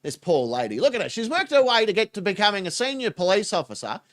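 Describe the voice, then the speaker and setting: High, lively, profane man commenting. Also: fast talker. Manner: profane, mocking, laughs often. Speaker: reaction channel host. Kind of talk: crude casual reaction commentary.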